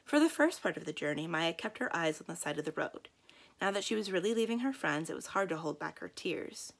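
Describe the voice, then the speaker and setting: A woman librarian reading a children's book aloud in a calm, expressive storytelling manner. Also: on the low side, fairly quick, creaky.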